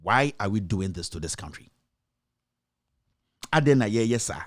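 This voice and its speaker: Speaking at a moderate pace in a fairly low, animated voice, this Ghanaian man works as a journalist and host. He fires accusing rhetorical questions in heated political commentary.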